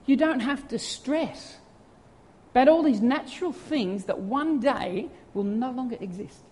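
A pastor preaching a sermon in an animated way, full of rhetorical questions and acted-out quotes. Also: sits high, a little slow. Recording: reverberant church hall sound.

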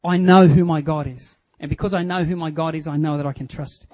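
A middle-aged Australian man preaching a sermon, telling stories and acting out voices, swinging from hushed to loud. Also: on the high side, steady tone, fairly quick, low-quality recording. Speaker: pastor.

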